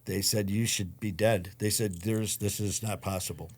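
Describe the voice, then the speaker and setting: A man's voice: lowish voice, fairly even intonation, normal speed, husky. A man, a guest telling his story in a blunt, profane way and acting out the voices of others. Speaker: interview guest. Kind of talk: storytelling in a casual interview.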